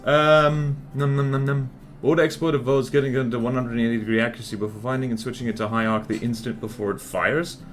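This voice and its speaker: A man streams a game live and chats casually with viewers in a loose, filler-heavy, self-deprecating ramble. His voice sits at an ordinary middle pitch. Faint music and keyboard typing play underneath. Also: steady tone, fast, hardly any pauses.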